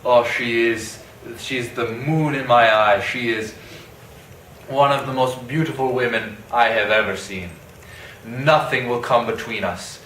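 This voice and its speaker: A man's voice: mid-range voice, measured pace, a bit bright, slight background noise, natural voice. A man playing Othello as a casual, rambling modern guy in a parody skit, telling his story with slang. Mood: boastful. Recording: echoey room, mic at a distance.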